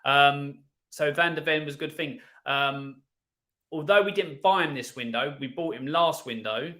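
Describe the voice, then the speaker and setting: A man's voice: a little high, moderate pace, pushed and bright. A man on a football stream panel, giving frank, opinionated takes and often repeating his words as he goes. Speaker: panel guest, Spurs fan. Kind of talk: casual football stream chat.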